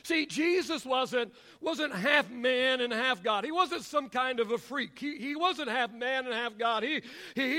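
A man preaching a sermon as pastor, with a repetitive, rhythmic cadence that swells to shouts and drops into drawn-out pauses. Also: extremely high pitch, lively intonation.

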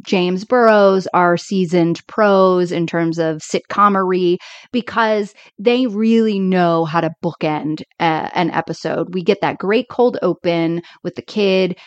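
A woman's voice: mid-range voice, dry recording, dull audio. A woman co-hosting a podcast, chatting with enthusiasm about sitcoms and using many fillers. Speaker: podcast co-host. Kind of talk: casual chat about sitcoms.

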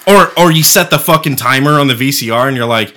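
A man's voice: mid-range voice, fast talker, sharp tone. A middle-aged man co-hosting a podcast, telling rambling, profane stories in casual chat. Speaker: podcast co-host.

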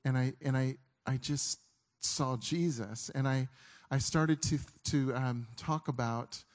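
A man's voice: mid-range voice, fairly even intonation. A middle-aged man preaching a sermon, telling a story in an earnest way that halts and restarts often. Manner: earnest, halting, with frequent restarts.

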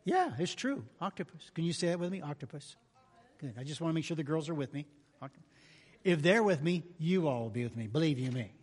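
Male pastor, folksy humorous sermon, high-pitched, husky, echoing church. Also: expressive, fast talker, a little mellow. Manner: folksy, humorous, conversational preaching with emphatic outbursts. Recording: reverberant church hall.

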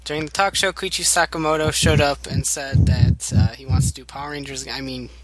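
A man's voice: on the high side, brisk, crowd noise. A young man hosting a fan podcast, reading news items aloud like a reporter and laughing between them.

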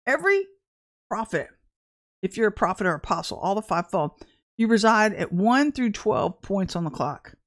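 A woman giving an informal prophetic message to her viewers, talking in an animated, emphatic way with sudden exclamations. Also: mid-range voice, moderate pace. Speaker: self-described prophetess.

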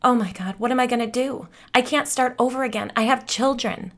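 A woman's voice: fairly high pitch, steady tone, brisk, a bit bright, voice pushed up. A woman voicing a frightened, frantic adult woman who speaks in a panicked, breathless, pleading way.

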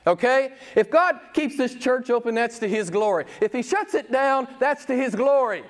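A man's voice: very high voice, animated, moderate pace. A male pastor preaching a sermon, emphatic and repeating his key phrases for weight.

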